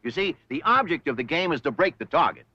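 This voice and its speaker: A man's voice: on the high side, sing-song, fast talker. An actor playing a courteous, easily flustered man who explains skeet shooting. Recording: dull old TV audio with crowd and hiss.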